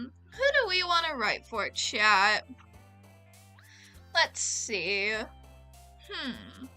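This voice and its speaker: Casual gameplay commentary comes from a let's play gamer whose voice is high and bright and whose pace is unhurried. She's giggly and chatty, repeatedly speaking to her chat, with faint game music in the background.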